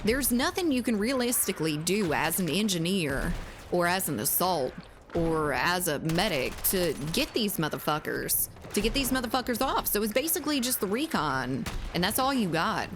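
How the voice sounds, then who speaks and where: A woman's voice: fairly low pitch, very animated, normal speed, background noise. A woman game streamer with a Southern US accent. She chats casually and rambles, with lots of fillers and the odd swear word. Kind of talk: casual live-stream chat.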